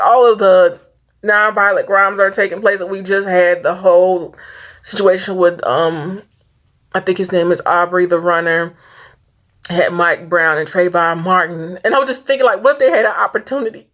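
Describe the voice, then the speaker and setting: A woman vlogging a casual movie review, earnest and rambling, fighting back tears as she talks. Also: mid-range voice. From Saint Louis area. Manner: earnest, rambling, stops and restarts often. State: tearful, fighting back crying.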